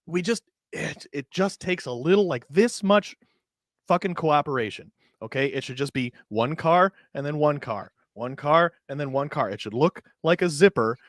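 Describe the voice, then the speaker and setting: A man's voice: on the high side, lively intonation, normal speed, dry recording. A man hosting a podcast in casual chat, ranting with profanity and dry sarcasm.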